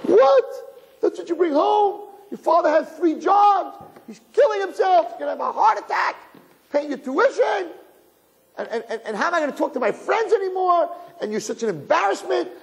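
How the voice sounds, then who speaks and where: A man's voice: very animated, moderate pace, gravelly, heavily acted. A man putting on the voice of a frantic mother ranting at her son over a bad grade. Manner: shrill, ranting, overwrought. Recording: reverberant hall, faint background noise.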